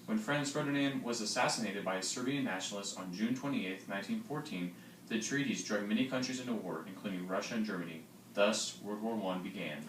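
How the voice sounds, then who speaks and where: A teenage boy reading a school history project in a plain, steady way. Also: fairly low pitch, brisk. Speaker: student presenter. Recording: roomy, distant mic, faint noise.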